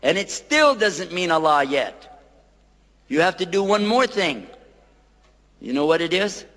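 A man giving a playful public lecture on a microphone, quizzing his audience and repeating words slowly for them to say back. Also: high voice, very animated, a bit bright. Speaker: lecturer on Islam. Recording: long hall reverb.

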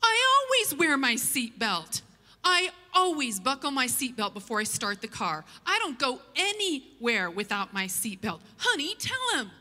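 A woman playing an indignant male driver who denies speeding, acting him out with raised, louder protests. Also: expressive, moderate pace. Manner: protesting loudly, higher and louder. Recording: long church hall reverb.

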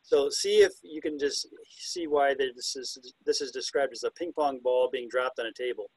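At a moderate pace, a man with a medium-pitched, slightly rough voice delivers a chatty, self-deprecating illustrated talk on bird songs, occasionally hooting and whistling the calls. The recording is low quality, with no echo.

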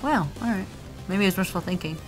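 A woman's voice: mid-range voice, expressive, brisk, faint music behind. A young woman giving casual, playful commentary on a video game with a friend. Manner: playful, giggly, chatty. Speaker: let's play commentator.

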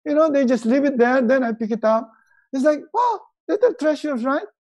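A middle-aged man giving a motivational webinar talk, acting out quotes in a raised, animated voice. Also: very high-pitched, normal speed. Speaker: motivational speaker.

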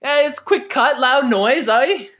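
A man putting on a squeaky mock-British lad. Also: takes it slowly, sharp tone, full character voice. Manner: high, chirpy, over-the-top.

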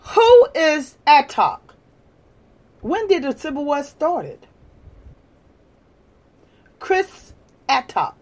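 A woman hosting a livestream, lecturing and challenging viewers in a combative way, moving from shouting to quiet muttering. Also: high voice, huge pitch swings, very slow, long pauses. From United States. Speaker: livestream host. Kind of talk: live-stream rant to viewers.

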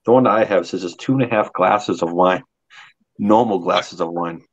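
Guest, man, husky, low-pitched, easygoing remarks; muffled lo-fi call audio. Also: moderate pace. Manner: relaxed, brief comments and agreement. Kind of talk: casual chat. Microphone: video call. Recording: dull lo-fi video-call audio.

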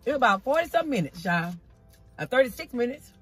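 A woman's voice: on the high side, very animated, fairly quick, a bit bright, breathy edge, soft background music. A woman talking casually to her viewers while eating, outdoors in a parking spot and recorded on her phone, folksy and chatty, often calling them "y'all" and "child". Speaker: vlogger eating on camera. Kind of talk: casual chatty mukbang vlog. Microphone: phone camera.

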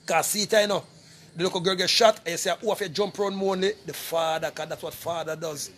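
A man's voice: high voice, fairly even intonation, fast talker, fairly bright tone, slight background noise. A middle-aged Jamaican man speaking casually to camera, making an emphatic, repetitive appeal and calling out to people again and again. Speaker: vlogger appealing for donations.

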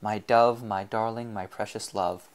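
Soothing machine mother in an audiobook, read by a man with a hushed croon, low and gentle. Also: fairly even intonation, measured pace, smooth, lightly acted. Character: crooning motherly nursery room machine, tender and insistent.

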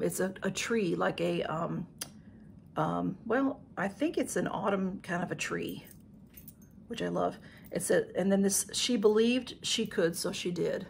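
Casual unboxing talk from a woman on YouTube, addressed to her camera, full of emotion and endless thank-yous. Her voice is fairly low and creaky, with slight background noise.

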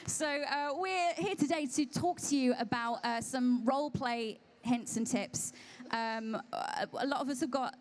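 A woman's voice: high-pitched, unhurried. A woman moderating a live convention panel, speaking hesitantly with many ums and uhs. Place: on stage at a comic convention panel.

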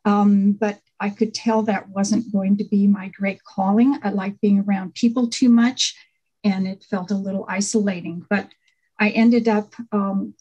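A middle-aged woman, a faculty panelist, giving a conversational workshop talk over a video call with frequent pauses and fillers. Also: medium pitch, dark tone, lo-fi sound. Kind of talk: online workshop presentation.

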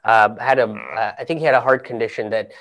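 A man's voice: fairly low pitch, a little fast, a bit bright. A man telling a comic personal story, rambling and profane, often laughing through his own lines.

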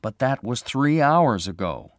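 A man's voice: medium pitch, very animated, unhurried, no room sound, clean studio sound, voice pushed up. A man voicing a concerned young man who speaks urgently and earnestly.

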